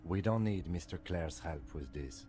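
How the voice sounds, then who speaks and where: A composed police lieutenant in a video game. His voice is low and calm, every word clipped and formal. Faint music plays underneath. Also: measured pace. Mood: stern.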